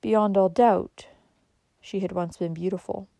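Woman narrating a story, mellow tone. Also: medium pitch, steady tone, unhurried, vocal fry, dry recording.

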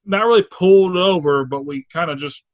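A man telling a story in casual chat, animated and acting out the quotes with exclamations. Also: high voice, brisk, dry recording. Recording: dull lo-fi dry recording.

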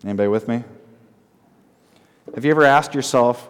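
A man preaching a sermon as pastor, often asking the congregation questions and repeating short phrases slowly for emphasis. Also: medium pitch, clean tone, in a large hall. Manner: asks the congregation frequent call-and-response questions.

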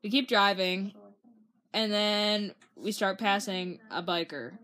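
A young woman in casual chat, recounting a drive in an animated, storytelling way with frequent laughs. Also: medium pitch, takes it slowly. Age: young adult.

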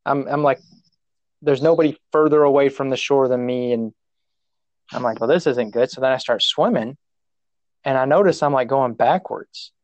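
A man's voice: mid-range voice, normal speed, pauses often, no room sound, dull audio. A man telling a personal story in casual conversation, rambling and self-mocking, restarting his sentences and laughing at himself.

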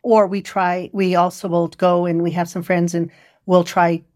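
Low-pitched chatty woman host. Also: level tone, moderate pace, a little mellow. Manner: chatty, storytelling, conversational asides. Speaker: interview host. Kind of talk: casual interview chat.

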